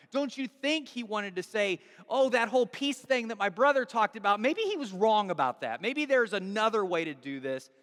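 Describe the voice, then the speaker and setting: A man's voice: high-pitched, bright, forceful tone, big-room sound. A man preaching a sermon as pastor, earnest and pleading, building to fervent rhetorical questions.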